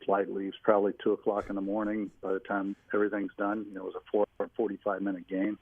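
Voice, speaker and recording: A man's voice: fairly low pitch, completely flat delivery, quick pace, no room sound. A man in his home office calling in to a radio talk show, telling long rambling stories with many restarts. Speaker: guest telling stories, former team staffer. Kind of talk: phone-in radio interview, anecdotes. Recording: tinny phone line.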